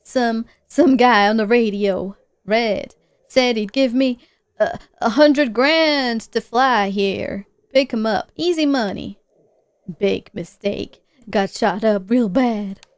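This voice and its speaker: A woman voicing an injured, groggy male pilot who talks in a halting drawl. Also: on the high side, dry recording. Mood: weary. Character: injured, dazed male pilot, rough and weary.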